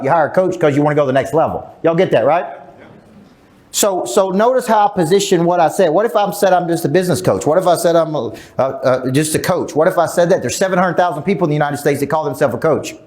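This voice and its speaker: A man's voice: on the high side, darkish tone. A middle-aged man giving a live seminar as a sales coach, emphatic, quizzing the crowd and acting out quotes. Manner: emphatic, asks the crowd questions, acts out quotes. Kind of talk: live seminar talk to an audience. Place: large event room.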